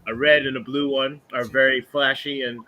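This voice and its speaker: Guy playing a tabletop game, chatty, trips over words, sharp bright voice. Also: medium pitch, level tone, normal speed, lo-fi sound, slight background noise. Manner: chatty, describing actions with restarts. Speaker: player.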